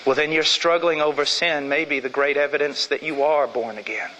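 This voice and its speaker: A man's voice: a little high, steady tone, brisk, pushed and bright, slight background noise. A man preaching an emphatic sermon with much repetition. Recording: long hall reverb.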